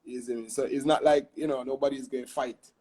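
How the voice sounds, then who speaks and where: A man's voice: medium pitch, steady tone, a little fast, dark tone, slightly rough. A young adult man with a Jamaican accent, a guest chatting animatedly in an interview, often adding "you see me?". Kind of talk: casual interview chat.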